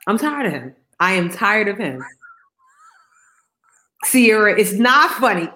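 A woman's voice: medium pitch, sing-song, measured pace, bright, forceful tone, a little hiss or hum. Emphatic, slangy woman podcast co-host. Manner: emphatic, slangy, repeats lines for effect. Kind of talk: casual chat.

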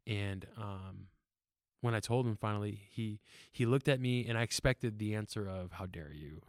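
A man's voice: on the low side, steady tone, normal speed, clear, resonant tone, no room sound, studio quality. A young man talking casually on a podcast, earnest and rambling, laughing often and with fillers. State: tearful. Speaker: podcast guest.

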